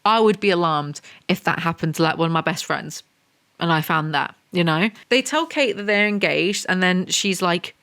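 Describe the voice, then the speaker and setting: A woman's voice: lowish voice, normal speed, a bit bright. A young woman giving a sarcastic, profanity-laced book review, mocking the story as she reads from it. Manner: sarcastic, swears freely.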